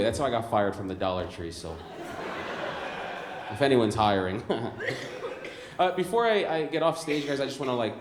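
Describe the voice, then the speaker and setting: A young man from Chicago doing a stand-up comedy set on a club stage, animated, laughing at his own lines and calling people "bro" and "dude.". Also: mid-range voice, a little hiss or hum. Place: comedy club stage before a live audience. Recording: roomy club sound.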